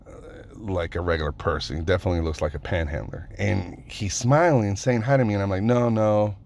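A lower-voiced man spinning a casual story as a rant, cursing freely. He rambles, trips over his sentence starts and leans on "um" and "like" as he goes. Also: fast, creaky, darkish tone, a little hiss or hum. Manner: rambling, profane, many fillers and restarts.

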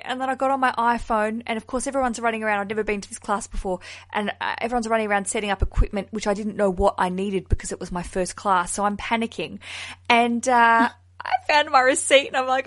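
Woman podcast host, casual and animated, fairly high voice, laughs at herself often. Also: fast. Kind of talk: casual chat.

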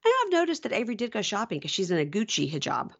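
A woman co-hosting a podcast, chatting casually through a TV recap and acting out what the cast says with big jumps in pitch. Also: very fast, creaky, breathy edge, muffled recording. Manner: acts out quotes with lively pitch jumps. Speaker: podcast co-host.

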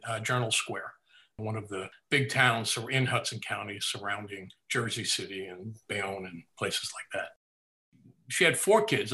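An older man in an interview, recounting family memories in a lively storytelling way and laughing at his own anecdotes. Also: mid-range voice. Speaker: interview guest. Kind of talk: reminiscing in a conversational interview.

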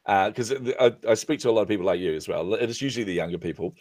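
A middle-aged business coach chats as a guest on a podcast in a casual interview, animatedly telling stories and acting out the quoted dialogue. His voice is on the low side and fast, with no echo.

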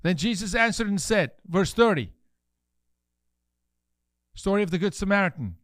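A man with a notably high voice, preaching his commentary with fervor. He fires off rhetorical questions one after another. The sound is close and dry, with no room around it. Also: expressive, normal speed, a bit bright, dry recording. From South Africa. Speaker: podcast host. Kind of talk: impassioned commentary with scripture reading.

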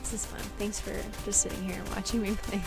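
A woman's voice: medium pitch, quick pace, vocal fry, rough recording. A woman with a Canadian accent chatting and laughing as she plays a video game on camera. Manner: chatty, giggly, easily excited. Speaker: gamer playing on camera. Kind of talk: casual let's-play chat. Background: game music.

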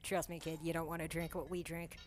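A woman's voice: medium pitch, normal speed, a bit bright, soft background music, close to an everyday voice. A woman voicing a nice male goblin miner who talks bluntly and matter-of-factly. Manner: blunt, matter-of-fact, exasperated.

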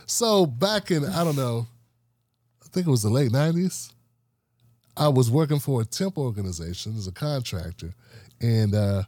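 A man's voice: mid-range voice, normal speed, pauses often, no echo, clean studio sound. A man in his forties from the Washington, D.C. area, hosting a podcast and telling stories casually, acting out the people he quotes. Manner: animated, acts out quoted coworkers. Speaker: podcast host. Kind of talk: casual storytelling chat.

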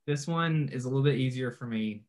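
Man co-host, hesitant and mid-pitched. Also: fairly quick. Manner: hesitant, thinking aloud. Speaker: podcast co-host. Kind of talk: casual chat.

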